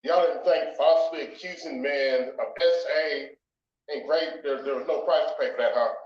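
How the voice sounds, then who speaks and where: A man rants on a talk stream, hammering his points with mocking emphasis. His voice sits a little high and sounds distant from the mic. The room echoes and the audio is dull. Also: normal speed, a little mellow. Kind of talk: heated opinion rant.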